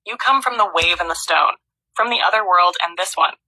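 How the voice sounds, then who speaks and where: A synthetic woman's voice reading the quoted lines of a stern, protective old grandmother in a hushed way. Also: on the low side, brisk, exaggerated voice, poor audio. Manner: quiet and hushed.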